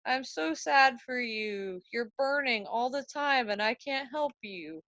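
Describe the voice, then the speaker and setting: A woman's voice: fairly high pitch, animated, slow, fairly bright tone, no room sound, exaggerated voice. A woman voicing a petulant, dramatic young prince in casual slang, on a dry, dull recording.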